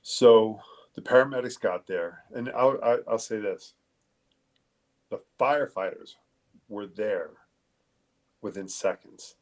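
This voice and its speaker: A police detective telling a personal story in a halting, candid way, swearing casually. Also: male voice, lowish voice. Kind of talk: conversational storytelling.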